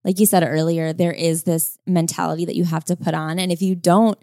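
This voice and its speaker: A woman's voice: fairly low pitch, flat delivery, brisk, warm tone, dry recording, clean studio sound. A woman co-hosting a casual podcast chat about a book, talking chattily with lots of fillers and acting out quoted voices. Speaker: podcast co-host.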